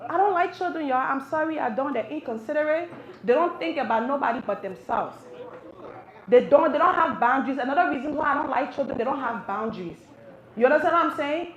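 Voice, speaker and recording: A woman doing a stand-up comedy set in a live cafe, animated and talking straight to the crowd. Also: high-pitched, fast talker, highs cut off. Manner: animated, talks to the crowd, playful teasing. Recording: roomy live venue sound.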